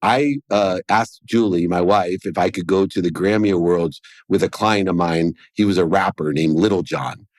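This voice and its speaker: A man's voice: deep voice, steady tone, moderate pace, few pauses, dry recording. A man as a podcast guest, telling a personal story in an earnest way and acting out the dialogue within it. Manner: earnest, acts out quoted dialogue in his story.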